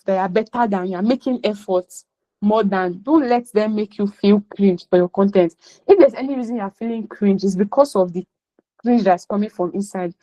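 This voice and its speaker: A woman's voice: medium pitch, mellow, poor audio. A Nigerian woman coaching a class over a video call, speaking bluntly and repeating her key points for emphasis. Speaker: career coach teaching a class. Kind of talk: motivational class talk on a call.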